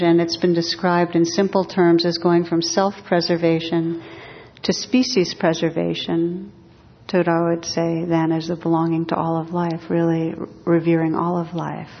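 A woman meditation teacher giving a dharma talk in a gentle, measured, reflective way. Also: on the low side, vocal fry, husky. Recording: dull recording in a reverberant hall.

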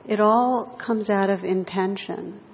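A woman meditation teacher giving a gentle, reflective dharma talk to a group in a hall. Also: medium pitch, steady tone, takes it slowly. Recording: lo-fi hall recording with long reverb.

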